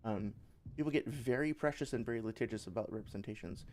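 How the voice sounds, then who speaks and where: A man's voice: mid-range voice, quick pace, darkish tone, slight background noise. A man playing a game while chatting, rambling and swearing freely, with faint game music behind him. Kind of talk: casual let's-play commentary.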